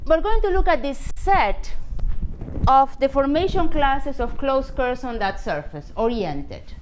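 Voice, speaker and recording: Woman math lecturer, high voice, lively delivery, faint room noise. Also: a little slow, rough recording. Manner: lively, explains step by step with frequent "you know". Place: lecture hall.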